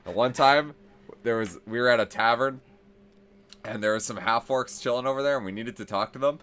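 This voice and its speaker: A man's voice: medium pitch, fairly quick, fairly bright tone. A young man hosting a casual gaming podcast, laid-back and swearing casually as he tells a story. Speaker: podcast host.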